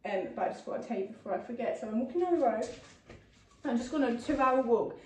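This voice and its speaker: A young woman rambles through a casual vlog, full of "like" fillers and self-deprecating asides. Her voice sits a little high, and she sounds set back from the mic in an echoey space with faint noise behind. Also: lively intonation, quick pace, recorded from a distance. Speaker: vlogger.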